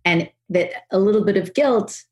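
A woman hosting a podcast interview, talking enthusiastically and rushing through her thoughts with restarts. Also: medium pitch. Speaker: podcast host.

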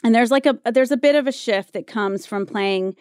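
A woman's voice: a little high, moderate pace, darkish tone, clean tone, no echo, clean studio sound. A woman in her forties from North Carolina, an actress guest telling stories in a casual interview, chatty and full of fillers. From North Carolina, USA. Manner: chatty storyteller, frequent fillers and laughs.

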